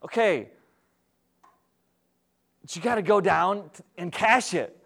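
A man preaching as pastor, teaching in a conversational, animated way and asking the congregation questions. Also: high-pitched, slow pace, creaky, long pauses. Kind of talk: sermon.

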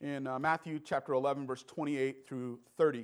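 Earnest man preaching with halting restarts. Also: medium pitch, steady tone. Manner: earnest, halting, repeats words. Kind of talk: sermon.

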